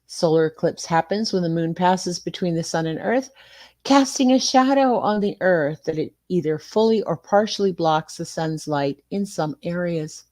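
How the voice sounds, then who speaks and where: An older woman, chatting casually as a live-stream host. She reads out viewer comments and mutters to herself while fumbling with her streaming software. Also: lowish voice, moderate pace. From United States. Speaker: livestream host.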